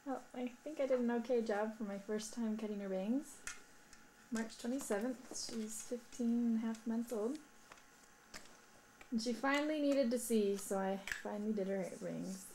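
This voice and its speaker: A woman, a mother filming her toddler, talks in sing-song baby talk with squeaky coaxing calls. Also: moderate pace, dark tone, slight background noise. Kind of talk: home video baby talk.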